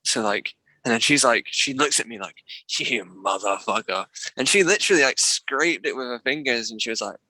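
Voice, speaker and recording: A man's voice: mid-range voice, lively intonation, brisk, few pauses, pushed and bright, no echo, low-quality recording. A young man co-hosting a podcast, telling stories in casual chat, swearing freely and laughing often. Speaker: podcast co-host.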